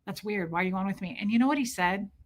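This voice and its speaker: A woman's voice: medium pitch, fast talker. A woman, telling a personal story to her viewers in a chatty, emotional way, full of "like". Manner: chatty, heavy use of "like", emotional. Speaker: vlogger.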